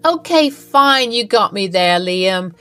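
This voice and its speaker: A woman's voice: mid-range voice, lively intonation, slow pace, a bit bright, clear, resonant tone, soft background music. A woman voicing a young wife pleading theatrically in a storybook narration.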